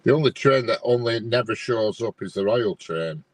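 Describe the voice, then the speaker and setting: A man's voice: on the low side, expressive, normal speed, dry recording, low-quality recording. Bemused rambling man. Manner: bemused, rambling, many restarts. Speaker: co-host watching live train feeds. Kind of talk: casual live-stream chat.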